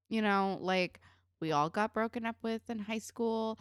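A woman's voice: mid-range voice, measured pace, clean tone, dry recording, studio quality. A woman co-hosting a casual TV recap podcast, talking bluntly and swearing freely in exasperated rants. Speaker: podcast co-host.

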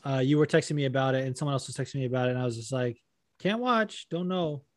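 A man's voice: medium pitch, flat delivery, rapid-fire, a little mellow, no echo, studio quality. A man from Las Vegas co-hosting a podcast, chatting in a laid-back way and swearing casually. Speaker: podcast co-host.

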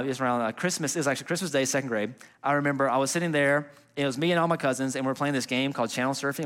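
A man's voice: on the high side, fairly bright tone. A young adult man giving a sermon as a pastor, telling a personal story in a conversational way, with fillers and restarts.

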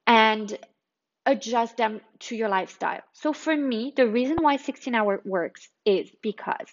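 A woman's voice: fairly high pitch, measured pace, highs cut off. Chatty woman hosting a health podcast. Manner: chatty, digressive, restates points. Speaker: podcast host. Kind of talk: casual health talk monologue.

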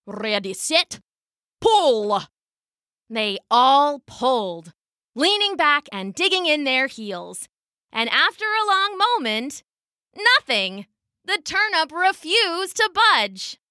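A woman narrates a children's folktale in a playful, lilting way, her voice high and bright. She takes her time, and her pitch rises and falls a lot. The recording is dry and close, with faint music underneath. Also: big pitch swings, slow pace, no echo. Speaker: storyteller. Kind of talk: scripted storybook narration.

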